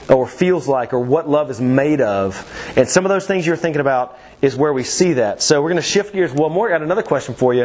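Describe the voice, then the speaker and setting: Chatty man teaching a church class. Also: a little high. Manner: chatty, many fillers and restarts, laughs easily.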